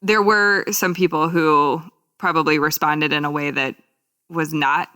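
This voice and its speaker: A woman co-hosting a podcast, chatting casually and earnestly, lively when she reads out funny headlines. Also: sits low, a little slow. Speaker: podcast co-host. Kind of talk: casual chat.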